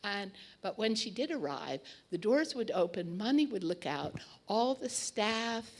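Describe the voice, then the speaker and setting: A woman's voice: medium pitch, very animated, a little slow, slight background noise. A woman telling a memory in a casual, chatty way, with fillers and restarts, acting out quoted lines. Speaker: storyteller recalling memories. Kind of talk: casual anecdotal storytelling.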